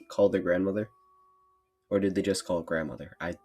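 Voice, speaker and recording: A gamer who is sick, with a voice deeper than usual, joking and rambling through a let's play while reading the game text aloud. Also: fairly quick, darkish tone, faint music behind.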